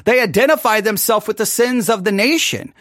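A man's voice: high-pitched, fairly quick, fairly bright tone, no echo, studio quality. A man hosting a Bible study, musing aloud and putting questions to listeners. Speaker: study host. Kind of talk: conversational Bible study commentary.

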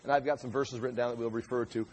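Husky-voiced man preaching verse by verse. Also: mid-range voice, fairly even intonation, rapid-fire. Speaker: pastor teaching a Bible study. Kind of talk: conversational sermon teaching.

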